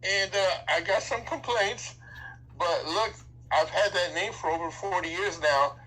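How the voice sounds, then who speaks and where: A man's voice: high-pitched, unhurried, sharp tone, low-quality recording. An older man from Seattle, a radio DJ guest telling reflective stories in a casual interview and laughing easily.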